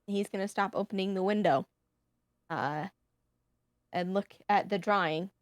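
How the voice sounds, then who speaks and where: Woman player, halting delivery, dry close recording. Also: medium pitch, dry recording. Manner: hesitant, filler-heavy. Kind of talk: tabletop game play.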